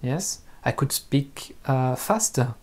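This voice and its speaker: A man with a French accent, a native French speaker, talking slowly and carefully to camera as an online French teacher, with many pauses and restarts. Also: medium pitch, expressive. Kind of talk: casual talk to camera.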